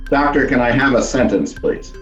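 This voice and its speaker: A man's voice: medium pitch, normal speed, fairly bright tone, echoey room, far from the mic, dull audio, soft background music. A man columnist competing in a spelling bee over a video call, who speaks in a wry way and laughs at himself. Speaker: columnist contestant.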